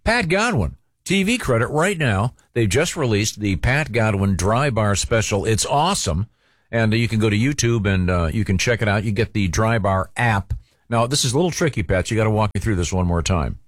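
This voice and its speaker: A man's voice: lowish voice, animated, fairly quick, no room sound, clean studio sound. A man hosting a talk show, teasing his co-hosts and plugging a guest's comedy special. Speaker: radio host. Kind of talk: casual chat.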